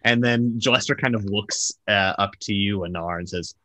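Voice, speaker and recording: A man's voice: lowish voice, normal speed, few pauses, pushed and bright, dry recording. A man narrating as game master of a tabletop game, loose and casual with many fillers. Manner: loose, filler-heavy description.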